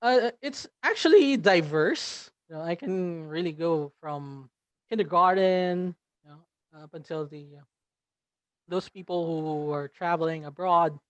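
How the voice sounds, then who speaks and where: A Filipino English teacher from the Philippines, speaking with a Filipino accent, appears as a guest in an interview conversation. He talks at a measured pace in a slightly high, fairly bright voice, sounding hesitant with many fillers and restarts. The recording is dry.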